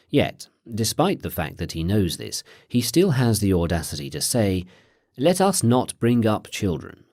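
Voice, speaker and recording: A male audiobook narrator reads philosophy in a measured, expressive way. His voice is very deep and moves widely in pitch. The sound is close and dry, with no room echo. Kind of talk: scripted audiobook reading of philosophy.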